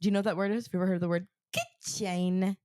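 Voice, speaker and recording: A woman's voice: mid-range voice, fairly even intonation, rapid-fire, darkish tone, dry recording, clean studio sound. A woman co-hosting a podcast in casual chat, rambling with lots of fillers while getting over an illness. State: sick, recovering. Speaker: podcast co-host. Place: Connecticut.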